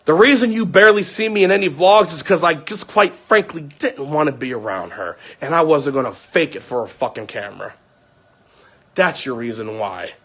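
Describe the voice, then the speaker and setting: A young man venting to his viewers in an angry, profane, unscripted rant that comes in rapid bursts. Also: a little high, animated, fairly bright tone.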